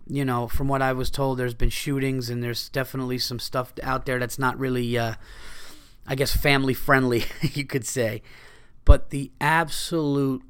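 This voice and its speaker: A podcast host talking in a rambling, profane, self-interrupting casual monologue. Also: male voice, mid-range voice, a bit bright, clean tone.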